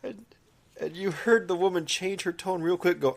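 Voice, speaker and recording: A man's voice: fairly high pitch, big pitch swings, normal speed. A man co-hosting a casual podcast in a studio, joking and telling anecdotes. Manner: jokey, tells anecdotes. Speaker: podcast co-host. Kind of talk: casual chat.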